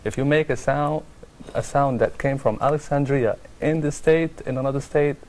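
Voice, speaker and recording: A man's voice: mid-range voice, fairly even intonation, moderate pace. Guy w telling a story on a panel, bit of room hum behind. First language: Arabic. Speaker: panel guest.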